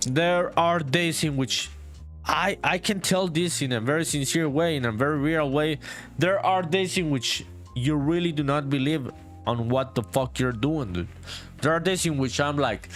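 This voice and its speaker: Young male indie dev on a live stream; relaxed, profane chat with viewers, voice a touch high, quiet music bed. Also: normal speed. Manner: profane, laid-back, reads chat aloud while working; calls viewers "dude". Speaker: solo indie game developer streaming live.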